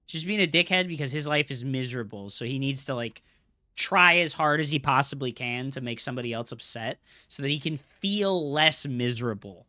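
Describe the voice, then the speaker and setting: A man's voice: mid-range voice, lively intonation, brisk, pushed and bright, no echo, clean studio sound. A man streaming a strategy game live, ranting at his chat in a profane, scolding way. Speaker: streamer and coach.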